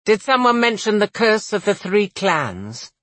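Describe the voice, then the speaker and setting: A narrator voicing a curt, sharp-tongued woman servant. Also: mid-range voice, big pitch swings, measured pace, no room sound, voice pushed up. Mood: huffy. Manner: curt, huffy.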